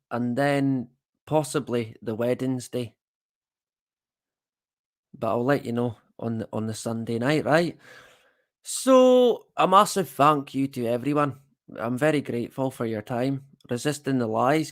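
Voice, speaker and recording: A Scottish man hosting a livestream, chatting casually to viewers with self-deprecating, rambling asides. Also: medium pitch. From Scotland. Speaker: livestream host.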